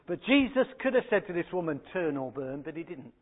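A man's voice: on the high side, big pitch swings, normal speed. A man in his thirties preaching a sermon in a conversational, anecdotal way. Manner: anecdotal and conversational, with acted quotes. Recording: phone-like narrow band.

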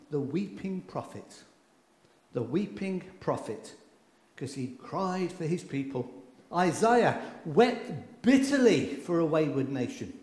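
A man preaching a sermon with passion, swinging from loud outbursts to hushed lines, recorded in a church. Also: a little high, big pitch swings, slow. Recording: echoey hall with long reverb.

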